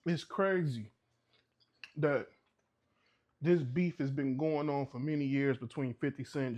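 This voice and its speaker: A man with a mid-range, slightly mellow voice talks casually to the camera as a vlogger. He gives advice in a conversational, somewhat preachy way and now and then acts out short exchanges.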